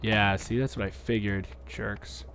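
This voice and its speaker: A man's voice: on the low side, steady tone, measured pace, background noise. A man giving goofy, rambling commentary while playing a video game, his voice worn out from a day of talking, keeping it down because people are asleep and joking at the enemies on screen. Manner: rambling, jokey, talks back at game enemies. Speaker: let's play commentator.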